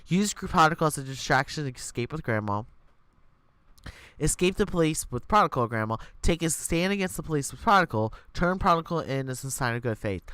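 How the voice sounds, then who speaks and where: A playful co-player chats casually while reading out story choices on a live stream. The voice is bright and swings widely in pitch. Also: brisk, clean tone, dry recording. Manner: lively and playful, reading choices aloud and joking. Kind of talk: casual chat while playing a story game.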